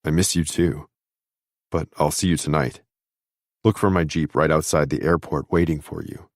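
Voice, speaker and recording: A male audiobook narrator voicing a gentle, reassuring young man on the phone. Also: rumbling low, fairly even intonation, moderate pace, no echo, clean studio sound. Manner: soft, reassuring. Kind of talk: audiobook dialogue.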